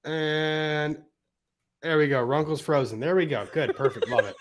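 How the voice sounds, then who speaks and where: A man hosting a casual live stream with other lawyers, relaxed and joking, swearing now and then. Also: fairly high pitch, unhurried.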